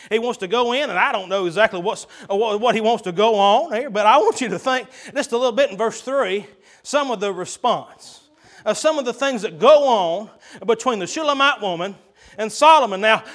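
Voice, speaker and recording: A man's voice: high voice, a bit bright. A man preaching a sermon in a folksy, chuckling way, with frequent "uh"s and restarts.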